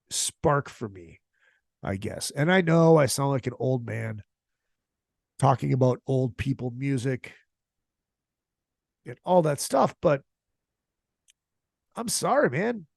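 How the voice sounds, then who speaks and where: A man's voice: on the high side, vocal fry, breathy edge, no echo, clean studio sound. A man hosting a podcast, talking casually with heavy swearing and strong opinions. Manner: profane, opinionated, emphatic. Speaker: podcast host. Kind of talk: casual solo podcast rant.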